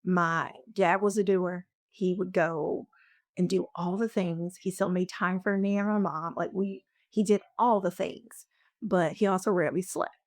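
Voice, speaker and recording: A woman's voice: on the low side, fairly even intonation, unhurried, no echo, clean studio sound. A woman coach talking in a casual podcast conversation, earnest and reflective, often acting out her own thoughts in quotes. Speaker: guest coach.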